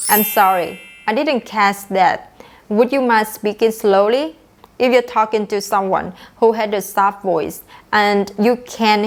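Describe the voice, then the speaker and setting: A young woman leads an online English lesson. She speaks at a middle pitch, explains each point clearly, and acts out the example phrases. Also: a little hiss or hum. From Vietnam. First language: Vietnamese. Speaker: English teacher.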